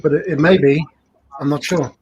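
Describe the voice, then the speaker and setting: A man in a casual stream chat, relaxed, chipping in film trivia. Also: fairly high pitch, normal speed, muffled recording, a little hiss or hum.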